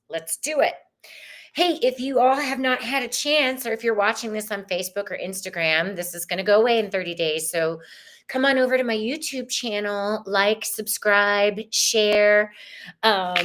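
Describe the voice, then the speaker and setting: A woman with a mid-range, slightly bright voice at a moderate pace hosts a live tarot reading on a livestream. She's bubbly and effusive, though her voice sounds a little tired, and she sprinkles in "y'all" and sometimes sings.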